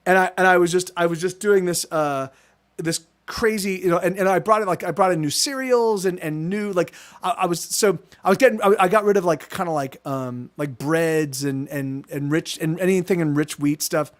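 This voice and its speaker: High-voiced rambling man telling a story. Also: moderate pace. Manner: rambling, many restarts, frequent swearing. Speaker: livestream host. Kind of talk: casual storytelling to live chat.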